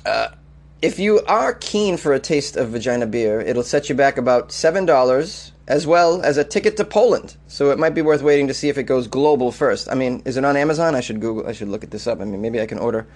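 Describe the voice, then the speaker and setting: A man's voice: mid-range voice, lively intonation, brisk, darkish tone. A man hosting a comedic weird-news podcast, reacting with incredulous laughter and riffing loosely between read-outs. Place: Los Angeles.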